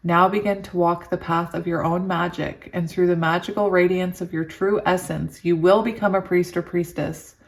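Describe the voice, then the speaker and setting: Giddy, lowish-voiced woman tarot reader. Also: moderate pace, creaky, few pauses. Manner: giddy and excitable, laughs often. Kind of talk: reading oracle cards aloud with chatty asides.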